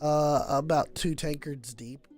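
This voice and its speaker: A man's voice: a little high, steady tone, slow, a little mellow, faint music behind. A young man narrating a tabletop game as game master in a casual way, full of fillers.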